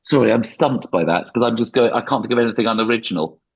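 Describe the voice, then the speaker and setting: A man's voice: mid-range voice, fast talker, breathy edge, poor audio. A middle-aged man, a comedian guest on a podcast, talking in a rambling, self-deprecating way. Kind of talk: podcast interview.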